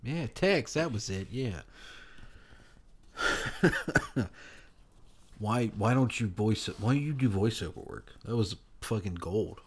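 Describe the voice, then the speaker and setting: Lowish-voiced man chatting casually. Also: animated, takes it slowly, pauses often, husky. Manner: laughing, rambling, swears casually. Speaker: podcast co-host. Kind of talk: casual chat.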